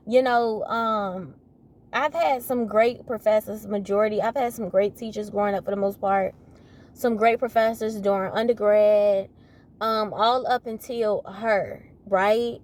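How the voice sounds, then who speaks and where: A woman's voice: mid-range voice, a little mellow. A young woman in her twenties venting on her channel in a casual monologue, exasperated, repeating herself and throwing out rhetorical questions. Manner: talks straight to viewers, asks rhetorical questions. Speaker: vlogger.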